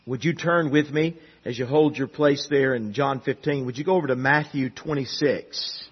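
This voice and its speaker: A man preaching a sermon, swinging from loud emphatic peaks to hushed, quiet passages, with frequent restarts and repeated words. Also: medium pitch, normal speed, breathy edge, muffled recording.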